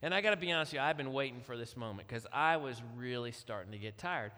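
A middle-aged man telling a family story from the pulpit as a guest speaker, acting out the quotes in an animated way. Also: mid-range voice, fast. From Kentucky. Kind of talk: storytelling sermon. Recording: long hall reverb.

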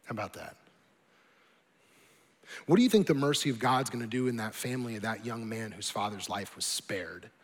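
A man's voice: medium pitch, quick pace, few pauses. A man preaching as a pastor, earnest, building to emphatic appeals. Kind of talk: sermon. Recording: long reverb with soft music behind.

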